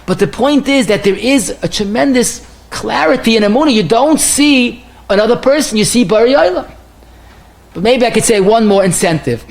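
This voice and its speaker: A rabbi with a high-pitched male voice gives a lecture sermon. He tells stories animatedly, his voice rising and falling and his pace speeding up and slowing down. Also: creaky. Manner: animated storyteller, swinging pitch and pace widely. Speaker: rabbi giving a Torah lecture.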